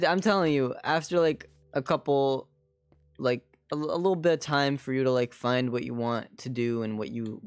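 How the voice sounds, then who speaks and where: A man chats casually while streaming a game, rambling and leaning on filler words as he talks to his viewers. His voice sits at an ordinary middle pitch. The sound is dry and close, with faint music playing underneath. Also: no echo. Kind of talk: casual live gaming chat.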